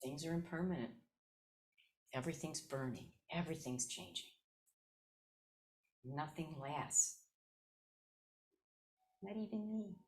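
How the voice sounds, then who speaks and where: A woman's voice: low voice, takes it slowly, long pauses, a little mellow. A woman in her seventies from Chicago's South Side, a Zen teacher giving a dharma talk as personal storytelling and repeating her key phrases. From South Side of Chicago, USA. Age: 70s.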